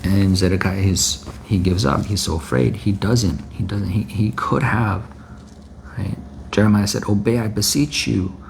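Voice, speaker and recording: Low gravelly guy preaching a sermon, keeps repeating himself and going "right?", little hiss in the bg. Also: steady tone, unhurried, a little mellow. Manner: exhorting, repeats phrases, frequent "right?".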